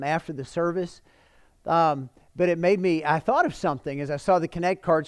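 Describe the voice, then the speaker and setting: A man pastor preaches to an online congregation in an earnest, chatty way. His voice sits fairly high and smooth, and the sound is close and dry. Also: dry recording. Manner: warm, earnest and conversational, with many fillers. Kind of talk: livestreamed sermon.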